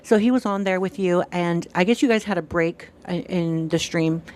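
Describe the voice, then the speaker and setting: A woman's voice: lowish voice, moderate pace, darkish tone, slight background noise. A woman chatting casually on a stream, retelling events animatedly, acting out quoted dialogue and swearing freely.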